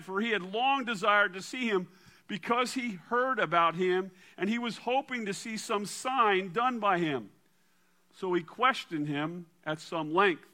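A man preaching a sermon and reading scripture aloud in a dramatic way, dropping to a quiet low voice for emphasis. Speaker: pastor.

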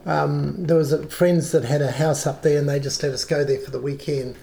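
An older man with a New Zealand accent, a guest telling stories in a relaxed, halting way. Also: a little high, creaky, a little hiss or hum. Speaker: guest, worship songwriter. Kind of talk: reflective storytelling in conversation.

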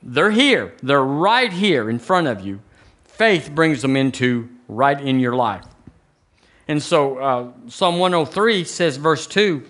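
A middle-aged man with a Southern American accent, preaching an animated sermon in a church, with joking asides to the congregation. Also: a little high, unhurried. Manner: animated preaching, rising to near-shouted emphasis on scripture; chatty asides and jokes with the congregation. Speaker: pastor. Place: church sanctuary.

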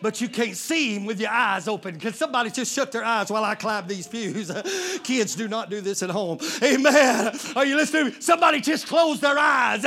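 A male pastor with a very high, bright voice preaches fervently and often breaks into shouts. He calls out to the congregation in a church sanctuary, swinging between hushed asides and loud cries. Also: normal speed. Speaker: lead pastor. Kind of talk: shouting sermon.

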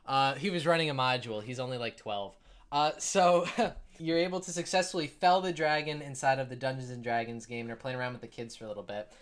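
A man's voice: mid-range voice, fast, fairly bright tone, clean tone. A man narrating as game master, rambling with many fillers and jumping into character voices.

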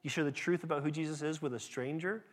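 A man preaching with a fairly high voice that rings out in a long hall reverb. He talks in a conversational, emphatic way and often stumbles over the start of a phrase. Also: fast talker. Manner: conversational, emphatic with frequent restarts. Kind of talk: sermon.

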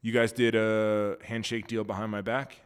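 A man's voice: fairly low pitch, flat delivery, moderate pace, smooth, in a large hall. A man hosting a casual podcast chat who teases his co-host and sets up playful what-if scenarios. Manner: teasing, sets up playful hypotheticals.

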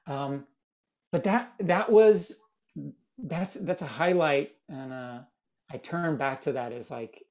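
A man from Miami, a guest in an interview, telling stories in a lively, casual way. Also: on the high side, takes it slowly, long pauses. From Miami, United States. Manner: animated, acts out quoted voices. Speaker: guest, theater maker.

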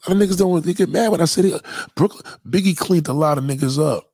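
Talking fast in a higher voice with a breathy edge, a middle-aged man from New York City rambles through a casual street-style monologue in his local accent. He swears, leans hard on slang, and repeats himself animatedly; the recording is dry.

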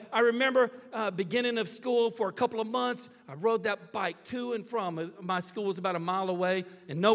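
A man preaching a sermon, telling a story with animated drama and checking in with the crowd with "all right?" and "okay?". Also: sits high. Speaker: pastor. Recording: long reverb of a big hall.

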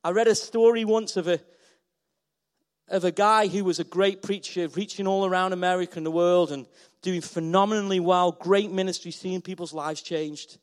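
A man delivers a sermon to a church hall, with a fairly high pitch for a man. He talks with passion and repeats his phrases for emphasis. His voice swells loud and then drops soft. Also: steady tone, moderate pace, clear, resonant tone. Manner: passionate, rising and falling in volume, repeats phrases. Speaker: pastor.

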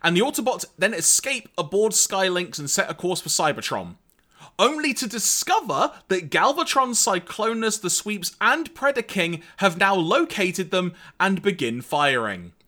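Bright, lively man recapping. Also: high voice, normal speed. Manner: animated, wry, summarizes plot with quoted lines. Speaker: podcast co-host recapping a cartoon episode. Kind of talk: casual recap chat.

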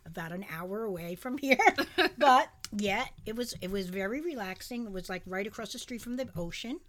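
A woman's voice: mid-range voice, animated, moderate pace, fairly bright tone. A tired woman co-hosting a casual podcast chat, agreeable and laughing often. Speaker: podcast co-host.

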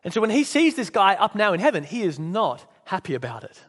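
A man's voice: sits high, very animated, fairly quick, a bit bright, big-room sound. A man preaching a sermon, earnest and storytelling, with occasional restarts. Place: church.

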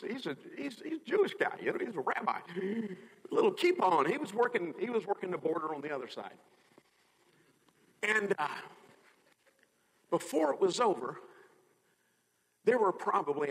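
A man, a pastor, telling a story in a sermon, animated and acting out the quotes. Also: high-pitched, creaky, breathy edge, long reverb tail, rough recording.

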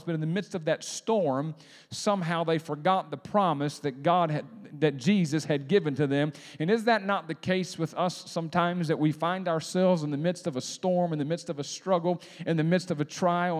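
A male pastor preaching a sermon, rising from calm to loud, drawn-out delivery in a church. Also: fairly high pitch. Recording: long hall reverb.

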